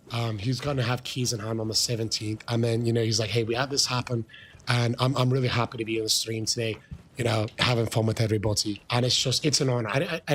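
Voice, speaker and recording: A man live-streaming a game, rambling to his viewers with halting restarts and bursts of excited shouting. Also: mid-range voice.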